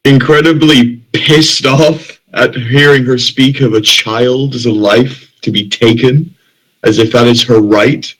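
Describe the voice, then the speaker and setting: A man's voice: medium pitch, fairly even intonation, a little slow, a bit bright, poor audio. A man playing a tabletop game who describes his character's actions in a solemn, dramatic way. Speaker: player. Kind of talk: tabletop play with in-character narration.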